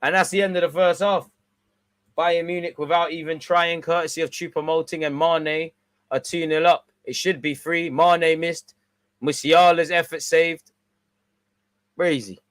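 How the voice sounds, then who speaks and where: A man's voice: on the high side, unhurried. Slangy man. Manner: casual slangy banter, swings between excited and mumbled. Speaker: watch-along streamer. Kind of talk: live watch-along football commentary.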